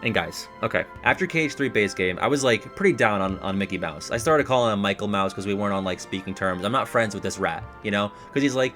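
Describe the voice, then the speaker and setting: Excitable, rambling young man with a low voice. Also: quick pace, hardly any pauses, soft background music. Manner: rambling, excitable, full of "like" and laughs. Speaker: video game commentator. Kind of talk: casual reaction chat.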